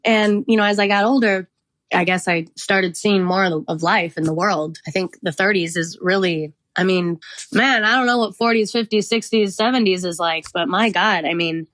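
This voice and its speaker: A woman's voice: fairly low pitch, moderate pace, a bit bright, no room sound. Candid rambling woman in her thirties. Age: 30s. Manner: rambling and confessional, frequent "like" fillers, laughs often. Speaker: podcast host. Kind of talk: candid reflective monologue.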